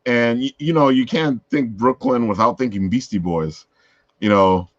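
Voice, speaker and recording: A man chatting casually, telling a story in an animated way with lots of "you know" and laughter. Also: medium pitch, normal speed, dry recording. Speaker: podcast co-host or guest. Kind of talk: casual chat. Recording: dull, dry sound.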